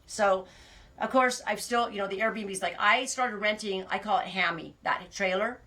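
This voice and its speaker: A woman's voice: mid-range voice, normal speed, a bit bright. An American woman hosting a casual live stream, chatting in a rambling way, laughing often and greeting viewers by name. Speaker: livestream host of a knitting and farm channel.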